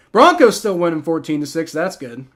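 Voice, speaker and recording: A young man hosting a live stream, giving rambling, excitable reactions and play-by-play while he watches a football game and swears freely. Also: on the high side. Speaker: livestream host.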